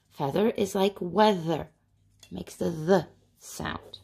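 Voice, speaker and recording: A woman teaching a phonics lesson to young children, repeating each word slowly and asking lively questions. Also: on the low side, creaky, slightly rough.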